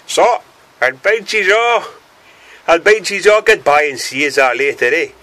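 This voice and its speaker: A man's voice: fairly high pitch, expressive, measured pace, bright, forceful tone. A Scottish man chatting casually to the camera in a small hut, rambling on and ending nearly every phrase with a questioning "eh?". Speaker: vlogger. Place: small cluttered wooden hut, indoors.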